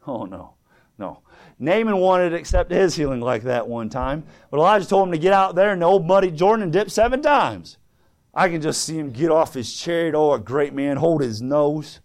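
A man preaching a sermon with fervor, swinging from quiet asides to loud exclamations and quoting scripture. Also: a little high, animated, fairly quick. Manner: fervent, swings from quiet to loud, quotes scripture in old English.

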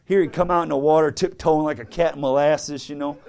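A man preaching with fervor and a high-pitched voice, his delivery climbing from quiet asides to loud exclamations. He reads old-English scripture aloud between points. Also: fairly even intonation, brisk, vocal fry. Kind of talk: sermon.

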